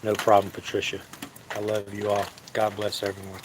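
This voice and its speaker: A man hosting a live cooking stream, talking casually to viewers in a halting, easygoing way with many fillers. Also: on the low side, monotone, noisy background.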